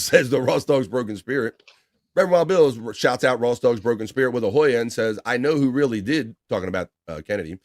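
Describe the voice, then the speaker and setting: A man hosting a casual livestream, reading viewer chat shout-outs aloud with laughs and loose swearing. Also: mid-range voice, no echo, studio quality.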